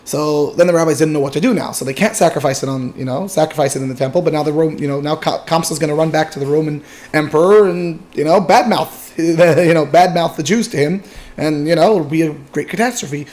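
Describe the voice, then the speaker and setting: A man retells an old story as a Torah lesson in a loose, conversational way. He fills pauses with filler words and often restarts his sentences. His voice sits slightly higher than most men's. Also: darkish tone. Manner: casual, lots of fillers and restarts. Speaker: Torah teacher.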